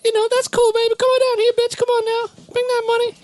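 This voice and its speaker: A man's voice: very high-pitched, monotone, fast talker, a little hiss or hum, pitched above the performer's own voice. A man putting on the voice of a slick, brash male hustler in a comedy podcast bit. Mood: swaggering.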